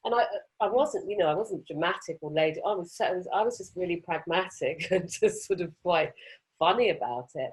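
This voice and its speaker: A woman, a podcast guest telling a personal story in an animated, expressive and self-mocking way. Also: on the low side, fairly quick, husky. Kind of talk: conversational storytelling.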